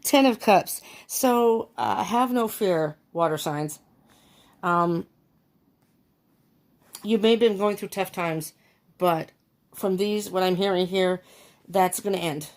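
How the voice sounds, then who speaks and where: A woman's voice: lowish voice, slow pace, pauses often, a little mellow. Chatty woman reading tarot cards. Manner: chatty, laughs often, thinks aloud with many ums. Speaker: tarot reader. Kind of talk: casual tarot reading to camera.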